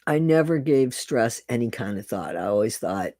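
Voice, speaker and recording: A man's voice: mid-range voice, animated, normal speed, darkish tone, no room sound. A middle-aged man chatting casually with viewers on a live stream, greeting them by name and repeating his phrases.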